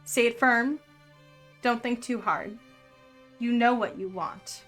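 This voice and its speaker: A woman voicing a kindly, fatherly old Santa Claus in a tabletop game, speaking in a soothing, calm way. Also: extremely high pitch, takes it slowly, faint music behind, heavily acted. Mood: gentle.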